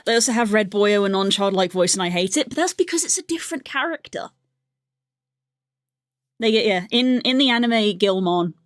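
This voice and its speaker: A woman's voice: medium pitch, expressive, moderate pace, no echo, studio quality. A woman streamer chatting in a rambling way while she draws, often laughing. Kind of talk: casual chat while drawing on stream.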